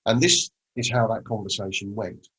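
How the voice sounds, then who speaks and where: A man delivers a motivational presentation with a storyteller's pacing. His voice sits fairly low and has a husky edge. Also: steady tone, moderate pace, fairly bright tone, rough recording. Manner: storytelling, acts out quoted conversations.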